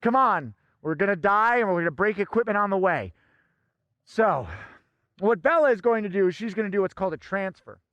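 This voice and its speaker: A man performing a comic fire act, talking theatrically and bossily and now and then bursting into shouts. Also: high voice, expressive, fairly quick, no room sound, dull audio. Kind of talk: comic stage patter.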